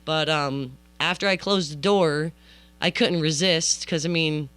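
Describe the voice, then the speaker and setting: Animated storytelling woman, forceful and smooth. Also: low-pitched, measured pace, no room sound. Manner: animated, acts out quoted dialogue; chatty asides to the listener. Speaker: podcast host. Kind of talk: comic storytelling.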